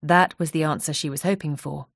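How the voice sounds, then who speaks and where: Measured woman reading a novel. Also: low-pitched, gravelly, no room sound, studio quality. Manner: measured, even, unhurried. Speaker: audiobook narrator.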